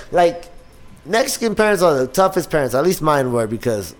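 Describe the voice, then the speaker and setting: A man who does open-mic comedy, talking in a casual podcast chat with a raspy voice and a profane, animated way of telling stories. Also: mid-range voice, fairly quick, soft background music.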